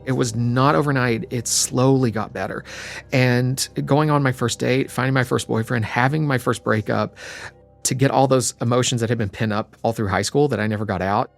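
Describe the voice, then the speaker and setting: A young adult man, interviewed, reflecting on his life in a quiet, emotional way. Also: medium pitch, fairly even intonation, normal speed, vocal fry, soft background music. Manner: reflective, quietly emotional, sometimes trails to a whisper. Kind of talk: personal storytelling.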